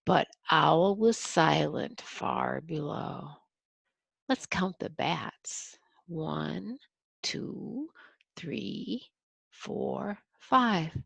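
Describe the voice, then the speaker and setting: An older woman, a grandmother, reading a picture book aloud to a child, gently explaining and counting along. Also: lowish voice, animated, drawn-out words, creaky, husky, no room sound.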